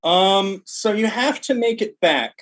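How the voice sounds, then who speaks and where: A man narrating a tabletop role-playing game as game master, in an animated, casual way. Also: high-pitched, slow, poor audio.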